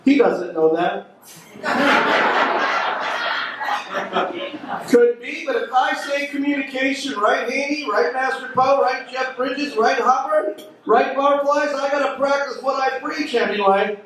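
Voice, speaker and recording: A man doing a brash stand-up comedy set, working the crowd between rapid punchlines. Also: extremely high pitch. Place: comedy club stage. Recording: echoey club recorded from a distance. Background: audience laughter.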